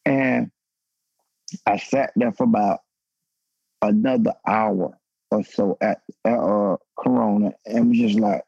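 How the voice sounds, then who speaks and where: Husky guy in his 30s pouring out a heavy personal story, swears a lot, dry dull sound. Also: fairly even intonation, takes it slowly, pauses often, dark tone, no room sound. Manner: raw, emotional, profane, pitch climbing when stirred. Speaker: guest, former pro football player. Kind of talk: candid personal story on a podcast panel.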